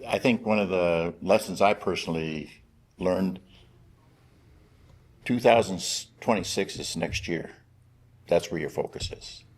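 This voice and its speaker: A man's voice: sits low, a little slow, pauses often, slight background noise. An older man, a veteran football coach, plainspoken and fond of short punchy sayings. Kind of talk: panel discussion.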